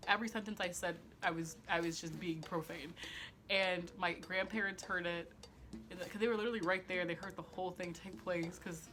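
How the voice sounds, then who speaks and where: A woman's voice: on the low side, bright, forceful tone. A woman telling a casual storytime to camera, chatty and full of "like" fillers, swearing freely and laughing often. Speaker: storytelling vlogger.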